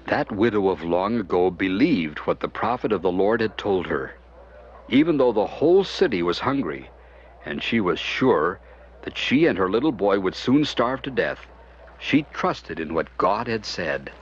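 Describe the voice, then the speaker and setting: A man giving scripted narration of a children's Bible story, expressive and animated. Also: on the low side, a little slow, a little hiss or hum. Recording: dull lo-fi with music behind.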